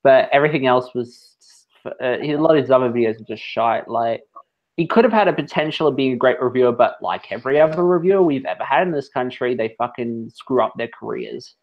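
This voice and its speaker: An Australian man co-hosting a casual livestream podcast, halting and blunt with his opinions. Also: medium pitch, animated. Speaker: co-host. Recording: dull lo-fi audio.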